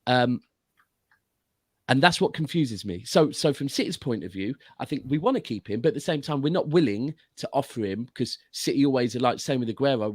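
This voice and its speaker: A man's voice: medium pitch, lively intonation, fairly quick, no echo. A man as a guest pundit giving casual football analysis, explaining at length with frequent restarts. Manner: explanatory, long runs of reasoning with restarts.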